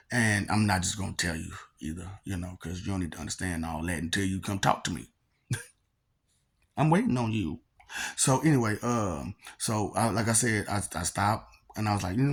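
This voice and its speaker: Gravelly low-voiced man telling a story. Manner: rambling, laughs often, repeats filler phrases. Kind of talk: casual personal storytelling.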